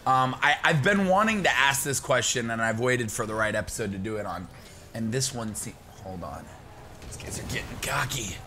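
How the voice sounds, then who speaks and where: A young man giving excited live gameplay commentary, shouting and laughing as he plays and chats to viewers. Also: medium pitch, moderate pace, a little hiss or hum. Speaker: gaming YouTuber.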